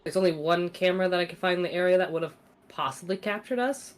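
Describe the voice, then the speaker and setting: A woman's voice: on the low side, fast. A woman playing in a tabletop role-playing game, with a wry, skeptical way of talking. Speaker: player.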